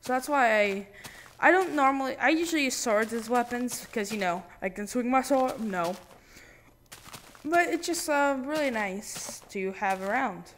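A man hosting his own gaming channel, giving casual let's-play commentary with random, jokey, excitable banter. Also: very high-pitched, unhurried, a little hiss or hum.

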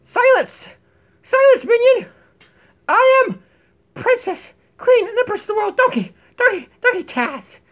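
A man voicing a vain, bossy female donkey puppet who calls herself queen of the world, in a shrill, grandiose, giggly manner, recorded on a tablet in a home kitchen. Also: very animated, unhurried, a bit bright, full character voice. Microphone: tablet built-in mic.

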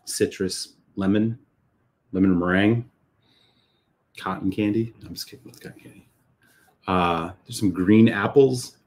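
A man's voice: low-pitched, measured pace, long pauses, a little mellow. A man hosting a casual live whisky tasting, talking enthusiastically with many fillers and restarts. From United States. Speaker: whisky reviewer host.

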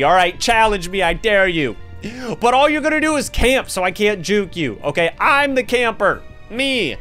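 A man giving casual gameplay commentary as a gaming host, excitable and playful, laughing and trash-talking often. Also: sits high, normal speed, faint music behind.

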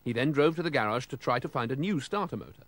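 A man reading a children's storybook aloud with lively, expressive storytelling. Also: medium pitch, fast talker, dry recording.

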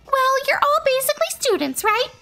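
A woman's voice: extremely high pitch, sing-song, fairly quick, creaky, music in the background, voice pushed up, full character voice. A woman voicing a cheerful magical rabbit mascot girl in a bubbly, sing-song, teacherly way while reading game dialogue aloud. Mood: perky.

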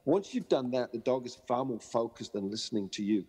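A man's voice: medium pitch, a little fast, slightly rough, big-room sound. A man who works as a dog trainer, telling stories in a podcast interview and acting out the voices of people and dogs. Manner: animated storyteller acting out quoted voices.

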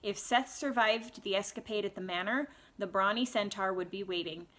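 A woman reading a fantasy novel aloud in a clear, even storytelling voice, now and then adding a casual aside to her listeners. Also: mid-range voice, normal speed. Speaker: audiobook reader.

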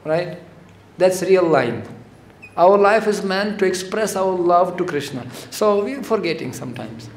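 High-voiced man giving a devotional lecture. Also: a little slow. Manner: conversational, animated, acts out quotes. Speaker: spiritual lecturer. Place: temple hall. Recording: echoey hall with faint noise.

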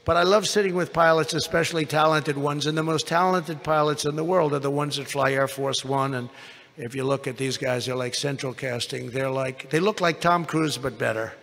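An older man speaks from a podium with a bright, gravelly and rather high voice. He rambles through a story, piling up superlatives and going off on asides. His words ring out with the long reverb of a big arena. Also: fairly even intonation, moderate pace. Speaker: rally speaker. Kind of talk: rally speech anecdote. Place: large indoor convention venue.

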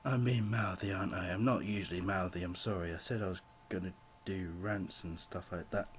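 A man's voice: deep voice, moderate pace, a bit bright, a little hiss or hum. A young man rambling through a home video rant, apologizing often and leaning on "you know" fillers. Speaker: vlogger. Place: home room with a cat.

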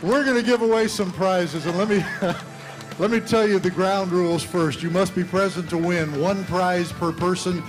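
A man hosting a live event, giving away prizes in a brisk, upbeat way while he talks to the audience. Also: sits high, steady tone, music in the background, crowd noise. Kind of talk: live emcee announcements.

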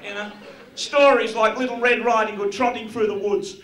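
A high-voiced Australian comedian speaks at normal speed with fairly even intonation, throwing crude, brash jokes at a live audience from the stage. The roomy venue recording has a noisy background and audible crowd.

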